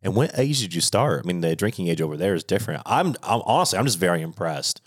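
Young guy cohost, swears a lot, gets worked up, lowish voice. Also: quick pace. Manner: animated, profane, jokey rants. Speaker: podcast co-host. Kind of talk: casual chat.

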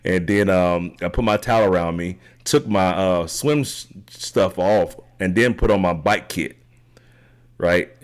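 Brief: very deep man, middle-aged, loose rambling storyteller, tags lines with "right?". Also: measured pace. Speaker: podcast guest, triathlete. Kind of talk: casual storytelling interview.

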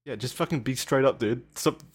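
A man's voice: medium pitch, a little fast, husky. A man co-hosting a podcast, bluntly recapping a story and chuckling between lines. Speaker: podcast co-host. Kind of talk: casual comedic chat.

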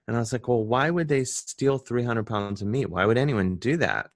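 An American man, a comedian guest, telling a story in casual chat and jumping into high voices when quoting people. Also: normal speed, no echo, studio quality.

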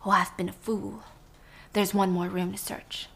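A woman's voice: medium pitch, little pitch movement, measured pace, vocal fry, fairly bright tone, slightly rough, heavily acted. A woman whispering the lines of an urgent, secretive male detective, as whispered role-play. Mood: urgent hushed.

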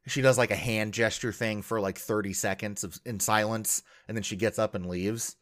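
A man's voice: fairly low pitch, fairly even intonation, moderate pace. A man co-hosting a podcast, recapping a reality show in rambling casual chat full of fillers and laughs. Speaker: podcast co-host.

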